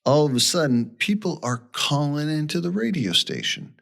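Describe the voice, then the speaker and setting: A man's voice: a little high, sing-song, moderate pace, creaky, a bit bright. A man co-hosting a podcast, telling a story in a casual, rambling way and acting out the people he quotes. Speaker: podcast co-host.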